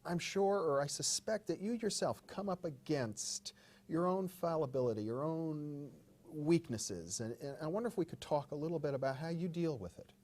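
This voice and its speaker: A man, a psychologist, interviewing a guest in a respectful, measured way with some hesitant restarts. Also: fairly high pitch, animated, a little mellow. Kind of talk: interview questions.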